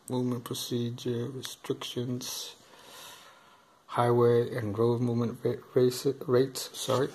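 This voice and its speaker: A man talks slowly through a game rulebook, stopping often with ums and uhs as he reads. His delivery is halting and unpolished, like casual reading aloud for a camera over the table. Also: medium pitch, monotone, a little mellow, slight background noise. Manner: hesitant, halting, full of uh and um. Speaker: board game unboxing host. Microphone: camera filming over the table.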